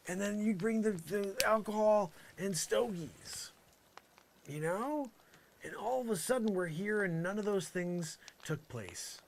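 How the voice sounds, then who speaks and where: A man's voice: sits high, fairly bright tone, slight background noise. Rambling man in improvised comedy rant. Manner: rambling, mock-aggrieved, full of "you know". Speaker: host of live improv comedy show.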